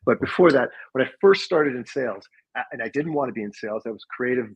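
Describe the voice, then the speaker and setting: A man's voice: medium pitch, expressive, fast talker, slightly rough, poor audio. A man who is a podcast guest with a sales career, talking in a reflective, casual way and laughing as he tells his stories. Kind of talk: casual conversational storytelling.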